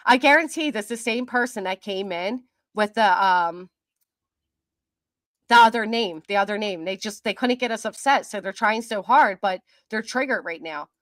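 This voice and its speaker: A woman's voice: medium pitch, animated, fairly bright tone, no room sound. Mocking woman host in a dry room. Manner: mocking, defiant, quick to laugh. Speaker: commentary channel host. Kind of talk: livestream reading and answering viewer comments.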